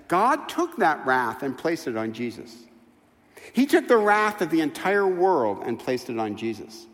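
Animated preacher in a reverberant hall. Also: male voice, on the high side, measured pace. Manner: animated, emphatic storytelling with rhetorical questions. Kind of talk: sermon.

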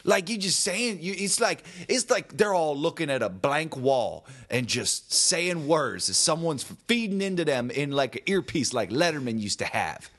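Man, podcast co-host, casual movie talk, colloquial, griping, lively pitch. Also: moderate pace, few pauses. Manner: animated, rambling, colloquial, complaining. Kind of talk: casual movie review chat.

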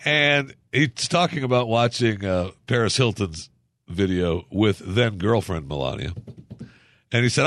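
A man's voice: lowish voice, animated, measured pace, fairly bright tone, slight background noise. A man giving casual political commentary as a podcast host, in a sarcastic, ranting, mocking manner.

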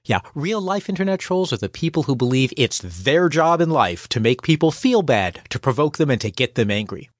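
A man's voice: mid-range voice, big pitch swings, moderate pace, hardly any pauses, no echo, studio quality. A man coaching and hosting a scripted podcast, in a wry, playful manner. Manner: wry, playful, acts out quoted voices. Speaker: executive coach and host.

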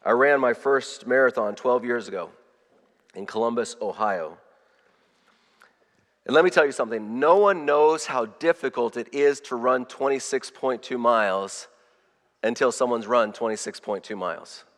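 A male pastor delivers a storytelling sermon in an ordinary middle register. His delivery surges and drops from loud to nearly hushed, often repeating words as he builds momentum. The sound carries the long reverb of a large church hall. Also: mid-range voice, normal speed. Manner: animated, swings from loud to hushed, repeats words when excited.

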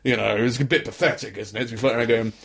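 A man's voice: mid-range voice, steady tone, rapid-fire, gravelly, background noise. A young man co-hosting a casual comedy podcast, rambling, restarting his sentences and laughing often. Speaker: podcast co-host.

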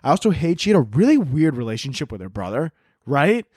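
A little high and fast-talking, with a husky edge, a young podcast host with a sore throat delivers a profane solo comedy rant. He tells stories animatedly and shouts when mimicking others, all in clean studio sound with no echo.

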